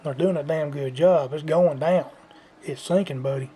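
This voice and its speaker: Man, vlogger, blunt lecturing rant, higher-pitched mellow voice, faint hiss behind. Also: normal speed. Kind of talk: unscripted ranting monologue.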